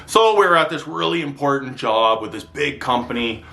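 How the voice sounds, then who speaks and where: A man vents straight into a handheld camera, his mid-range voice swinging from tired sighs to loud disbelief. He swears freely and tells his stories with animated frustration. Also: mid-range voice, moderate pace, gravelly. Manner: exasperated, sweary, animated storytelling. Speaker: vlogger. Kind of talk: ranting vlog monologue. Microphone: handheld camera mic.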